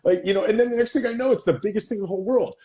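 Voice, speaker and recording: Excitable high-pitched male podcast host. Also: very fast, reverberant. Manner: excitable, starts and restarts questions. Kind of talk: casual interview chat.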